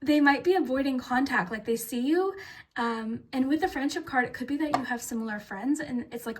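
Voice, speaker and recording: A young woman with a fairly high voice gives a casual tarot reading to her viewers. She sounds giggly and flustered, tripping over her words with lots of fillers and restarts, over a faint background hiss. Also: moderate pace. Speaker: tarot reader.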